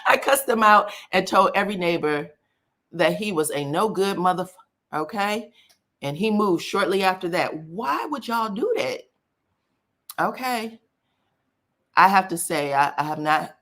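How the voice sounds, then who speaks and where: A woman hosts a casual live gossip stream, talking straight to her viewers. Her voice is bright and forceful. She chats and exclaims as she reads their comments aloud. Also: fairly low pitch. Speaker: celebrity gossip host.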